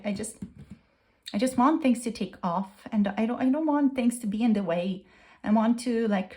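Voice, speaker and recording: Woman tarot reader at a medium pitch, voicing a gushing, repetitive channeled love message. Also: darkish tone.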